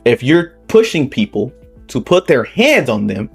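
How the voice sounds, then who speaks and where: A man's voice: mid-range voice, big pitch swings, measured pace, gravelly, slightly rough, faint music behind. A man with a Southern Californian accent hosting reaction commentary, talking heatedly and repetitively, ending points with rhetorical "okay?". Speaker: political commentary channel host.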